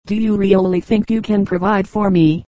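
A woman's voice: medium pitch, steady tone, normal speed, mellow, no echo, close to an everyday voice. A woman reading the part of a sad, plaintive female eagle in a storybook fable. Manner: plaintive, then eager.

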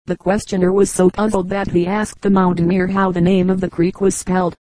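A woman narrates an audiobook of short comic anecdotes in a steady, even reading. Her voice is low, dark and mellow, with little rise and fall. The recording is dry and close. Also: a little fast, no room sound, poor audio. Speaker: audiobook reader. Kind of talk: scripted narration of humorous anecdotes.

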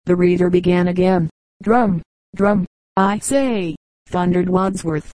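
A woman reading a history book aloud as an audiobook narrator in a measured, even storytelling manner. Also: lowish voice, no room sound, rough recording. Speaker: audiobook reader. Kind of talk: scripted narration.

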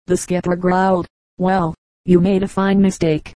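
A woman reads a classic adventure story aloud in a low, even voice with little rise and fall. Her tone is mellow and soft-edged. The recording is dry and close, with no room sound. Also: a little slow, no room sound, poor audio. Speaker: audiobook narrator. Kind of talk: scripted audiobook narration.

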